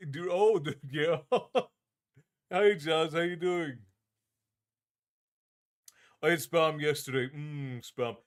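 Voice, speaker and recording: In his tavern-keeper livestream persona, a man with a mid-range voice chats easily with his audience. He reads their comments aloud in a warm, laid-back manner, often starting his sentences over.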